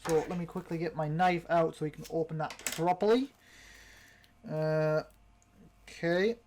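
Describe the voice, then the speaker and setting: Young British male host, high voice, casual rambling unboxing chat. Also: steady tone, normal speed, a little mellow, a little hiss or hum. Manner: rambling, chatty, with many ums and restarts. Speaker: channel host.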